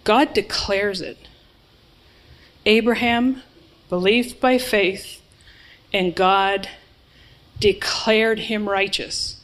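A woman's voice: medium pitch, fairly even intonation, drawn-out words, long pauses, poor audio. A woman preaching a sermon to a congregation, earnest and emphatic, with informal asides. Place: church hall with a live congregation.

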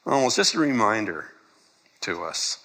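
Bright-voiced male pastor preaching. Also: fairly low pitch, sing-song, moderate pace. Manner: conversational, laughs often, acts out quotes. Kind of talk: sermon.

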